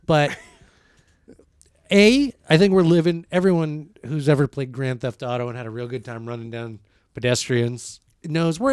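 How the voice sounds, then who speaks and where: A man hosting a casual comedic podcast, telling a long rambling story in an animated way. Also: fairly high pitch, no room sound.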